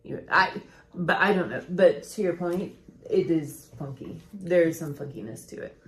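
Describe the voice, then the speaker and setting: A woman's voice: lowish voice, moderate pace, a little hiss or hum. A woman co-hosting a podcast, chatting casually as she tells a true-crime story and acts out quotes from the people in it. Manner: chatty, recounts events with quoted voices.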